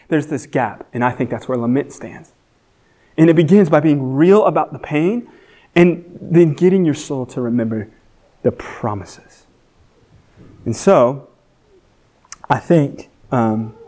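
A man giving a sermon as guest teacher, earnest, rising high and loud for emphasis and dropping soft when reflective. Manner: frequent fillers and restarts.

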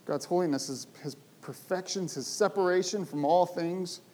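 A male preacher with a notably high voice delivers a sermon. He retells old stories with emphatic rises and throws rhetorical questions at his listeners. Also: moderate pace, a little mellow.

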